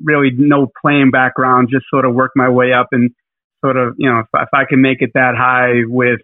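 A man's voice: medium pitch, flat delivery, moderate pace, dry recording. A man co-hosting a casual podcast, talking in a rambling, hesitant way with lots of fillers. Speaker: podcast co-host. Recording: tinny phone-like line.

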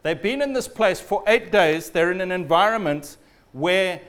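Man, high voice, sermon, storytelling preacher, trails off low and soft at phrase ends. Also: lively intonation, normal speed.

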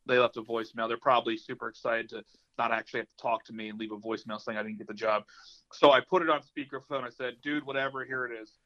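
A young man telling a story on a podcast with loose energy and plenty of swearing, acting out every line of dialogue. His voice sits at an ordinary pitch. The recording is a little dull and lo-fi. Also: fast talker. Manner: animated storyteller, swears freely, acts out quotes. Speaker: podcast co-host. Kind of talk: casual chat. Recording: slightly dull lo-fi sound.

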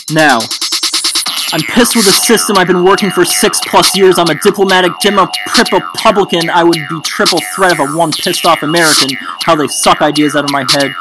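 A man delivering an angry, profane freestyle rap, half-rapped and half-sung, drifting into low mumbling. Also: fairly quick, over music. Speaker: amateur rapper. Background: loud backing beat.

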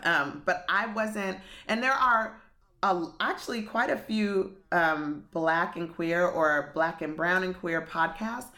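A woman talks as a guest on a relaxed podcast, telling the story behind her own show in long, filler-laden stretches. Her voice is bright and forceful and sits slightly low. The delivery stays easygoing and conversational. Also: takes it slowly. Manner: chatty, explains at length with many fillers.

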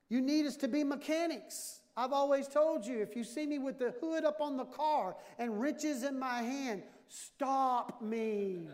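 A man in his fifties preaching a sermon with humor, animated and jokey, acting out little dialogues. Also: very high-pitched. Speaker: pastor. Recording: long hall reverb.

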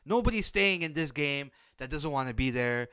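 A man's voice: fairly high pitch, expressive, moderate pace, pushed and bright, clear, resonant tone, no echo. A man hosting a podcast, giving a blunt, opinionated recap of a reality show in a casual, unsympathetic way. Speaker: podcast host.

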